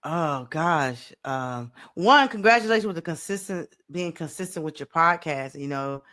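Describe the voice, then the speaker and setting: A woman's voice: sits low, animated, normal speed, fairly bright tone. A woman coach hosting a podcast, chatting and encouraging her guest in an easy, colloquial way. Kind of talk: casual interview.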